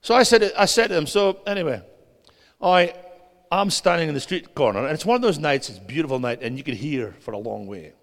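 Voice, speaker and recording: A man preaching a sermon as a guest preacher, animated, swinging between loud and hushed and putting questions to the audience. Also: a little high, a little fast. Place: church hall. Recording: long hall reverb.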